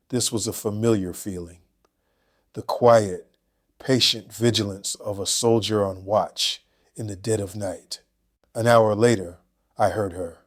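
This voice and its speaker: Older male narrator, lowish pitch, reading a first-person story with calm, cold deliberation.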